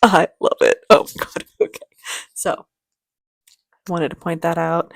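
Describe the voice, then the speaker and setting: Woman doing a reaction vid, rambly and emotional, kinda low voice, dry close sound. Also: unhurried, vocal fry, pauses often, dry recording. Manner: chatty and rambling, laughs easily. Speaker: reaction video host. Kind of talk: casual reaction chat.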